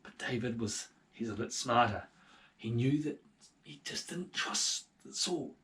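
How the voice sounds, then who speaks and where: A man telling a Bible story to children, lively with soft whispered asides. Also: medium pitch, a little slow, far from the mic.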